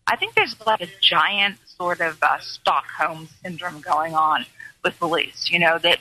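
Lady reporter chatting on a talk show, super bright tone, kinda halting, lots of um and you know. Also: on the low side, low-quality recording. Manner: halting, storytelling with many fillers. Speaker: co-host, reporter.

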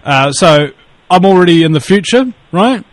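High voiced guy rambling on a call, swears a lot, dry close sound. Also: animated, normal speed, dry recording. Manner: rambling, swears, laughs at own stories. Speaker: podcast guest. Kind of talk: casual chat.

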